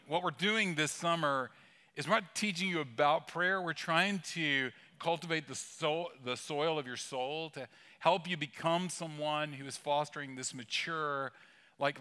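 Bright-voiced man preaching with humor. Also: on the high side. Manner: conversational storytelling with humor. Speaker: pastor. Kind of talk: sermon. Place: church sanctuary.

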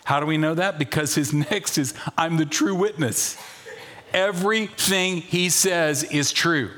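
A man preaching a sermon as pastor, animated, dropping to a hush and rising loud, asking the congregation questions. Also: a little high. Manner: animated, swings from hushed to loud.

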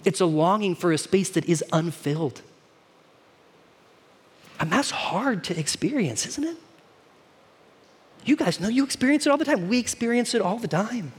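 A man's voice: high-pitched, expressive, normal speed, long pauses, slightly rough. A man preaching a sermon to his congregation in a casual, conversational way, often asking them questions. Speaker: pastor. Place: church hall.

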